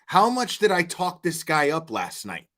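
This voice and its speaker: A man's voice: a little high, wildly swooping pitch, a little slow, pushed and bright. A young man hosting his channel, ranting heatedly and profanely with stammering restarts. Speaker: channel host. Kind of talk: casual vlog rant.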